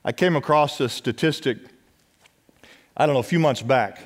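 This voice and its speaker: A man preaching a sermon as pastor, urging his congregation to respond and dropping at times to a hush. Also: medium pitch, moderate pace. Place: church sanctuary. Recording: long church hall reverb.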